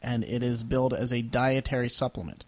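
A man leads a casual review chat in a wry, chatty way. His voice sits at a middle pitch with an everyday tone. He trails off and restarts as he reads out a label. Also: steady tone, brisk, a little mellow.

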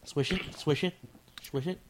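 A man's voice: on the high side, normal speed, slight background noise. A man in a casual review chat, joking and teasing as he talks.

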